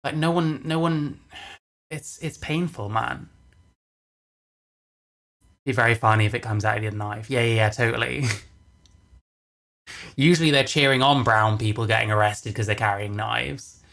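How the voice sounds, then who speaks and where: A man streaming live, reacting to clips in an angry, exasperated rant. He swears constantly and hammers his points home by repeating them. His voice sits at a mid pitch for a man. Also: measured pace, vocal fry, long pauses, a bit bright. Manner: profane, exasperated, repeats phrases for emphasis. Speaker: livestreamer reacting to videos. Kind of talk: angry casual livestream rant.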